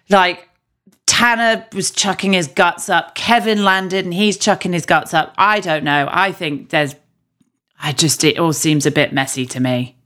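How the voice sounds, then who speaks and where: A northern English woman chatting as a podcast co-host, blunt and quick to swear. Her voice sits on the low side for a woman. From northern England. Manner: blunt, swears freely, animated opinions. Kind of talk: casual chat.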